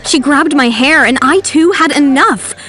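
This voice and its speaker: A woman narrating in the first person as a brave, sarcastic teenage schoolgirl in an animated story. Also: high voice, measured pace. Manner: sarcastic, determined.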